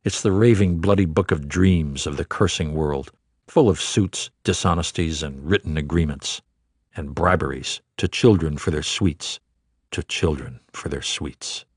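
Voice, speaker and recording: Male audiobook narrator, low voice, dry close-mic sound, measured rhythmic delivery of literary prose. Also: breathy edge, dry recording.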